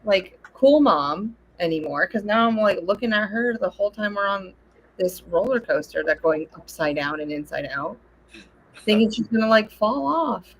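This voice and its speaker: A woman co-hosting a casual chat, telling stories in an animated way and acting out what people said. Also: medium pitch, moderate pace, rough recording. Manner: animated storyteller, acts out quotes.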